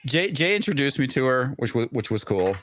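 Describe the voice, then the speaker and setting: A man appearing as a guest in a casual chat, telling relaxed anecdotes with many fillers. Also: mid-range voice, fairly quick, slight background noise.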